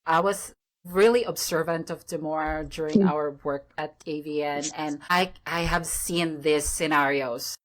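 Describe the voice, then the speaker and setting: Affirming woman host, lowish voice. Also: steady tone, measured pace, crowd noise. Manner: warm affirming, many backchannels. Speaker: interview host. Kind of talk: interview conversation.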